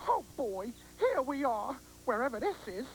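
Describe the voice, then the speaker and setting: A woman's voice: high voice, big pitch swings, moderate pace, slight background noise, rough recording. A woman voicing Lionel, a fretful but friendly young circus lion on a children's TV show, who stammers when he gets nervous.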